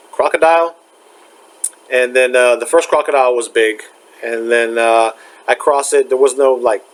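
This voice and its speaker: A man's voice: mid-range voice, low-quality recording. Rambling young man recounting a dream. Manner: rambling, halting, many fillers and restarts. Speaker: spiritual vlogger. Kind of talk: casual storytelling.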